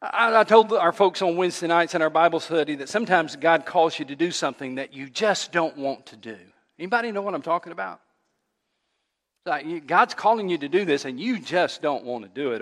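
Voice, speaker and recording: A man preaching as a pastor, telling a funny story with animated delivery before his sermon. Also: on the high side. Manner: animated storyteller who laughs at his own tale. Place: church sanctuary. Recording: long church reverb.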